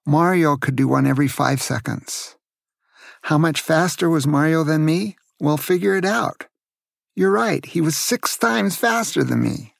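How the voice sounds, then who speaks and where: An older man from California, a grandfather telling children about his youth in a gentle way and asking them questions. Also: on the high side, measured pace, creaky, no echo, studio quality. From Santa Cruz, California. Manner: gentle, asks the listener questions. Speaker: grandfather storyteller. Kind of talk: storytelling to children.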